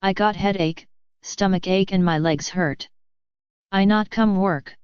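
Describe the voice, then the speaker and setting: A sick male worker, voiced by a woman, speaking plaintively in broken English at a slow pace. The sound is clear and dry. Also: mid-range voice, a little mellow, dry recording, muffled recording, close to an everyday voice. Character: sick male worker calling his boss.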